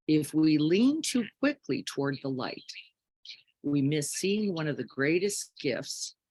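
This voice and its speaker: A middle-aged woman speaks as a spiritual teacher, gentle and unhurried, her voice husky and somewhat breathy. She takes her time and leaves room between her thoughts. The sound is dry and close, with little room echo. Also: extremely low pitch. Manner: gentle, unhurried, asks many tag questions.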